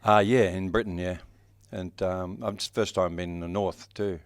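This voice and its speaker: A man's voice: deep voice, fairly even intonation, normal speed, no echo. A man in his sixties with an Australian accent, a guest actor talking bluntly and joking, with plenty of swearing, in a casual interview. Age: 60s. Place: horror convention.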